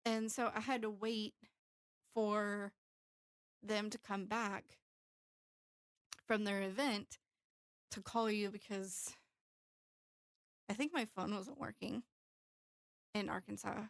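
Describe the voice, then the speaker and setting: Woman in her 30s telling a personal story, open and emotional, very dry close sound, mid pitch. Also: steady tone, slow, creaky, long pauses, no room sound. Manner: candid, emotional storytelling with fillers. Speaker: podcast co-host. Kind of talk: casual storytelling chat.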